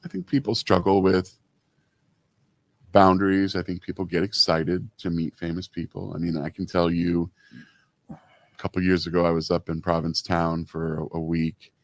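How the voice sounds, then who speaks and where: A man's voice: low-pitched, level tone, moderate pace, dry recording. A man in his fifties co-hosting a casual talk show, telling stories with many "you know" fillers. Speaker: co-host. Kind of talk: casual radio-style chat.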